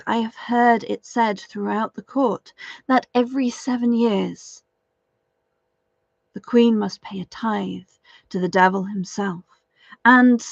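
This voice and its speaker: A woman's voice: mid-range voice, creaky, no echo. Tam Lin, a woman voicing a courtly young man. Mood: pleading. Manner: gallant and flattering. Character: young mortal man held by fairies, charming and courtly. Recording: dull, dry lo-fi recording.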